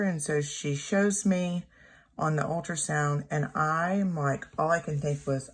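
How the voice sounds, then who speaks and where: A woman in her thirties telling a personal story at home in a rambling, halting way, often correcting herself. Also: deep voice, steady tone, a little hiss or hum. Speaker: planner vlogger. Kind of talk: casual storytelling while journaling. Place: home room.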